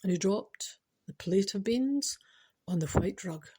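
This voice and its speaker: A woman's voice: medium pitch, animated, a little slow, warm tone, husky. Chatty Scottish woman telling a comic tale. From Scotland. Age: 40s. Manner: chatty, keeps saying "I know", ad-libs and digresses. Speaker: comic storyteller. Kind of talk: rambling comic monologue.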